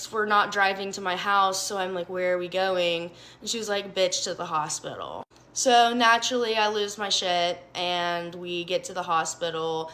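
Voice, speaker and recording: A young woman from Alabama telling a casual storytime, profane, animated and self-mocking. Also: on the low side, slight background noise.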